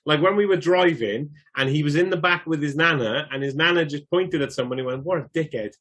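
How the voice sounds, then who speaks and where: A man's voice: fairly high pitch, a little fast, fairly bright tone. A man co-hosting a podcast, chatting about films in a dry, matter-of-fact, easygoing way. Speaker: podcast co-host, father. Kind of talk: casual film chat.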